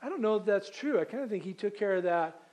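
Guy preaching a sermon, kinda higher voice, chatty, slows way down on the verses. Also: expressive, a little mellow. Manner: conversational preaching with restarts and rhetorical questions.

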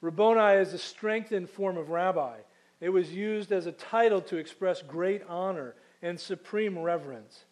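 A man preaching a sermon conversationally, asking rhetorical questions and slowing down to read scripture aloud. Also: high-pitched, darkish tone.

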